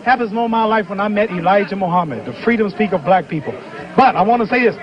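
A man's voice: high-pitched, lively intonation, rapid-fire. A man from Kentucky, boasting and proclaiming in an interview. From Louisville, Kentucky. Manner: brash, proclaiming, repetitive. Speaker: boxer being interviewed. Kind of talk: boastful post-fight interview. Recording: dull lo-fi sound with loud crowd outdoors.

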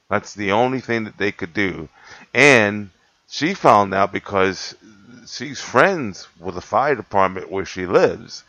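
A man's voice: fairly low pitch, bright, forceful tone, no echo. A man telling a long story in a casual, rambling way, correcting himself often and laughing between points. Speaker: cat rescuer telling a story. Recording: dull lo-fi dry recording.

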